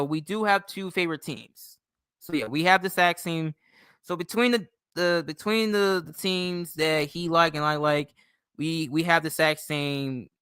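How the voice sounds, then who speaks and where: A young man from New York State rambles through a casual livestream, swearing freely. His voice sits a little high, bright and crisp, with a dry, close sound. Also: no echo. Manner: rambling, profane, loose and chatty. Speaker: livestream host.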